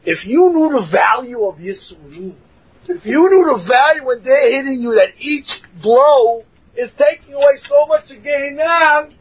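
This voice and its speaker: A man teaching a religious class, telling a story with animated, shouted emphasis and acted-out voices. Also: very high voice, moderate pace. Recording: muffled lo-fi recording.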